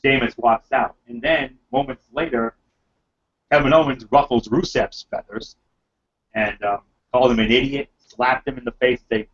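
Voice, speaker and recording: A man's voice: medium pitch, steady tone, normal speed, a bit bright, husky. Rambling man recapping wrestling, muffled audio. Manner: rambling, filler-heavy, enthusiastic. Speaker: podcast host reviewing wrestling. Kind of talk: casual wrestling recap chat.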